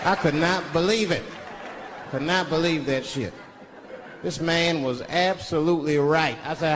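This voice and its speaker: A man performing a stand-up comedy set, telling stories and shouting out the voices of other people. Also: a little high, measured pace, very noisy. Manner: animated storytelling, shouting impressions of others. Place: large live venue with audience. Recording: reverberant live hall recording with crowd laughter. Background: audience laughter.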